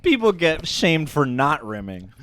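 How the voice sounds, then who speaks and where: A man's voice: a little high, very animated, unhurried, a bit bright, slight background noise. A man co-hosting a live stream, joking around and reading viewer comments aloud in a casual way.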